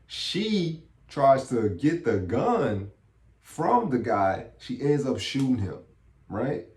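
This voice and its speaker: A man recapping a movie plot in a casual, slangy, animated way. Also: mid-range voice, slow pace. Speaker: movie reviewer. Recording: echoey room.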